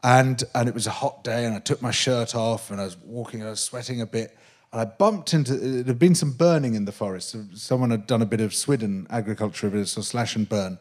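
A man, a guest on a live interview show on a theatre stage, telling an animated anecdote with many restarts and laughs. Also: medium pitch, quick pace. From Britain. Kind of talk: live comedy-podcast interview, storytelling.

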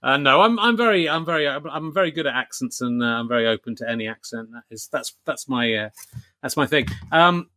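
A man from Yorkshire hosting a relaxed podcast conversation. His voice is forceful and bright, and it sounds dry, with no room sound. He comes across as chatty and self-mocking. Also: mid-range voice, fairly quick, no room sound. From Yorkshire, England. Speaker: podcast host. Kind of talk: casual podcast chat.

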